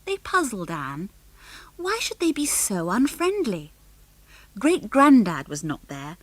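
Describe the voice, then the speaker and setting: A woman narrating an audiobook with clear, measured storytelling into a close studio microphone. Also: mid-range voice, wildly swooping pitch, no room sound. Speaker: audiobook reader. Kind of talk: scripted narration.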